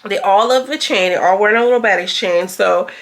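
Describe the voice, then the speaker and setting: A woman talks through a reality show episode in loose, slang-filled chat. She often jumps up into a high, teasing voice to mimic the cast. Her voice sits in a middle pitch. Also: fairly quick. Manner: chatty, slangy, jumps into high mocking voices when quoting. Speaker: show reviewer. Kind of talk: casual recap chat.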